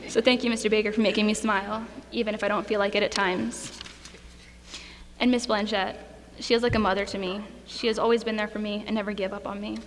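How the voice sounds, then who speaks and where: A woman's voice: mid-range voice, level tone, fast talker. A young woman, a graduating student, giving a heartfelt speech and fighting back tears at a school ceremony. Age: young adult. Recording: echoey hall, faint noise.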